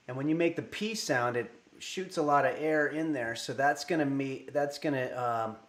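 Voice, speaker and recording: In an echoey room, a man at his desk microphone hosts a casual livestream from home, wandering from topic to topic and reading viewers' messages aloud with lots of fillers. He speaks at a normal speed in a medium-pitched, fairly bright voice.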